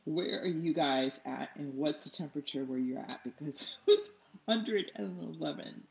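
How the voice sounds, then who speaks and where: This American artist, who has allergies, chats at normal speed in a low voice with vocal fry while painting for her channel. She meanders between thoughts and laughs at herself when she forgets where she was, over faint music in a roomy, slightly dull recording.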